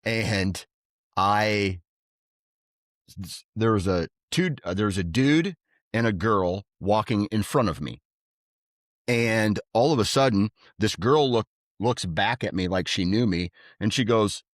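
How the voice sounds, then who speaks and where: A man's voice: fairly low pitch, slow, no echo, clean studio sound. A man co-hosting a podcast, telling stories casually and acting out what people said in a raised voice. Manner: animated, acts out quotes in a raised voice. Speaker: podcast co-host. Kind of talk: casual storytelling.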